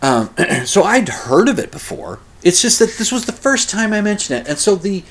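A man in his fifties hosts a casual solo podcast monologue, rambling and grumbling with self-deprecating asides and mild swearing. His voice is high, a bit bright and very animated, at normal speed.

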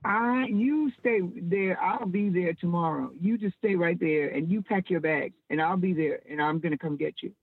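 A woman's voice: on the low side, normal speed, few pauses, breathy edge, no echo. A woman voicing her brash, bossy young friend in a story, over a phone line.

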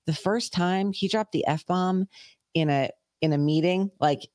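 Low-voiced woman podcast host, swearing casually. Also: measured pace, no room sound, studio quality. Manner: relaxed, backchannels, swears casually.

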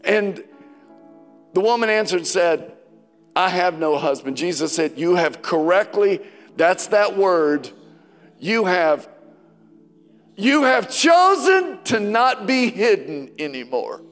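In a big church sanctuary, a pastor delivers a sermon in a high, sing-song voice that rings out with a long reverb tail. He moves slowly and deliberately over faint soft music, rising to loud declarations and dropping to hushed scripture quotes.

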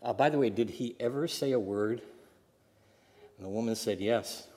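A man's voice: medium pitch, moderate pace, darkish tone. Man preaching in a reverberant church. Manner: earnest preaching with a storytelling aside. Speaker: pastor. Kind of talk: sermon.

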